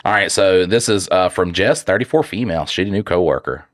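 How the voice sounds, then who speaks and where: A man with a stuffed-up nose talks in a deep, low register, sarcastic and joking as he reads out listener mail. The sound is close and dry, with no room around it. It comes across as loose podcast banter. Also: expressive, brisk, dry recording. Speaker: podcast co-host.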